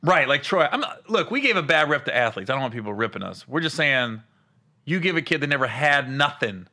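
A man hosting a casual chat, telling lively stories and laughing often. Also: medium pitch, a little fast. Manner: animated storyteller who laughs a lot. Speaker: podcast host.

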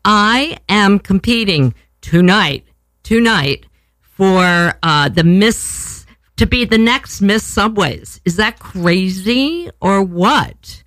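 A woman's voice: medium pitch, lively intonation, slow, a bit bright, no room sound. An older woman hosting a chat show, casual and rambling, cursing freely and poking fun at herself. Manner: rambling, profane, self-deprecating. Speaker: podcast host.

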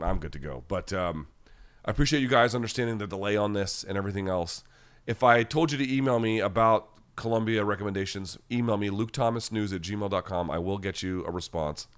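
A man's voice: low-pitched, fairly bright tone. A man hosting a live chat podcast, talking bluntly and casually and swearing freely as he answers viewers while sick at home. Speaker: podcast host.

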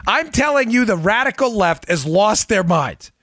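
A man hosting a political podcast, talking in an emphatic, animated commentary style and laughing often. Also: sits high, moderate pace, dry recording, studio quality. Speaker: podcast host.

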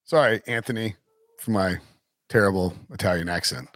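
A man's voice: deep voice, moderate pace, fairly bright tone, no room sound. A man hosting a casual sports podcast, talking in a rambling way with lots of fillers. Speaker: podcast host.

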